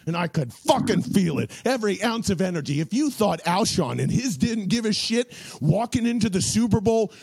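A man's voice: sits high, expressive, normal speed, vocal fry, darkish tone, slightly rough, dry recording. A man co-hosting a sports podcast, talking in a heated, profane rant. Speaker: podcast co-host.

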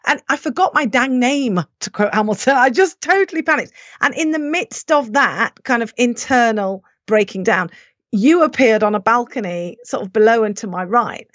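Animated woman telling a personal story. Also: a little high, normal speed, dry recording, lo-fi sound. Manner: animated, self-deprecating storytelling with acted-out inner voices. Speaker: podcast guest. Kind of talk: storytelling in conversation.

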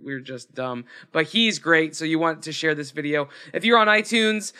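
A man's voice: on the high side, animated, normal speed, bright, forceful tone, smooth. A man hosting a podcast, running through a casual, friendly outro with plugs and self-deprecating jokes. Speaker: podcast host.

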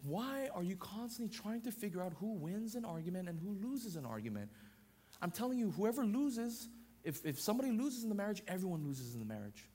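Thirties male pastor preaching with punchy repeated phrases; voice sits a little high. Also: very animated, a little fast, mellow. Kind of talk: sermon.

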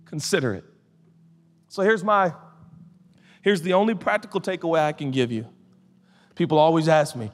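Man preaching in a reverberant hall. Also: high-pitched. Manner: swings from loud emphatic preaching to quiet intimate talk. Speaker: pastor. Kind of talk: sermon.

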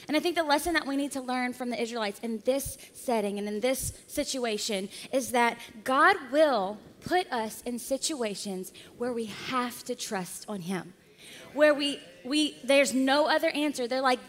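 A woman pastor preaching a sermon, lively and acting out the voices of people in the story. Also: high voice, moderate pace, big-room sound.

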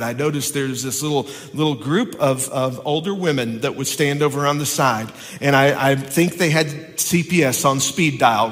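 A male pastor preaches with a slightly high voice that rings out in a long hall reverb. He jokes and teases in quick asides, then slows right down to repeat his key lines with weight. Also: a bit bright. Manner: playful, teasing asides then slow emphatic repetition. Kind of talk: sermon.

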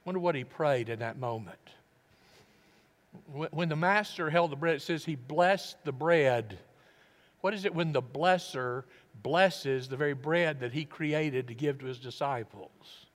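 A man preaching a sermon as a pastor, reflective and earnest, often dropping his voice low. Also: unhurried. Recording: long reverb of a large hall.

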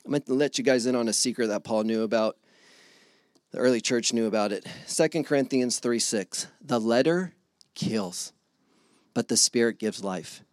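A man preaching a casual, animated sermon to his congregation, acting out little dialogues with God. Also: medium pitch, moderate pace, no echo, studio quality. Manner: animated, acts out God and listeners in voices.

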